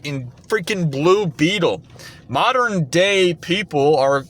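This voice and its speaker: A man's voice: on the high side, fairly bright tone. A man delivering an indignant, sarcastic commentary rant. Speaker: commentary vlogger. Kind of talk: ranting commentary.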